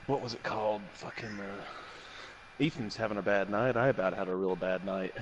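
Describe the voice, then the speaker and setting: A man's voice: lowish voice, normal speed, lo-fi sound, background noise. A man in casual chat, rambling and crude, tossing in trivia.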